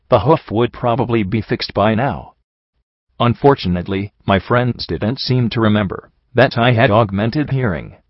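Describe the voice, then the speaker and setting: A man's voice: on the low side, no echo, muffled recording. A man reading a first-person story aloud in a brooding, introspective manner. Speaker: audiobook narrator.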